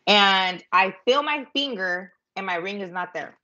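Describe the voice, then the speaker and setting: A woman's voice: medium pitch, animated, a little slow, bright, forceful tone, highs cut off. A middle-aged woman rambling through a story on a live stream, chatty and self-mocking, with lots of fillers. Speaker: vlogger telling a story.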